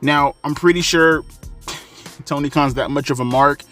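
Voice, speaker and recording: A man's voice: a little high, measured pace, fairly bright tone, faint music behind. A man hosting a casual opinion vlog as a wrestling commentator, sarcastic and ranting, swearing freely.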